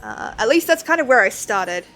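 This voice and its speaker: A woman's voice: a little high, very animated, moderate pace, pushed and bright, soft background music. A woman streaming a game and chatting casually, rambling and self-deprecating, with lots of fillers. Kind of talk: casual chat while playing.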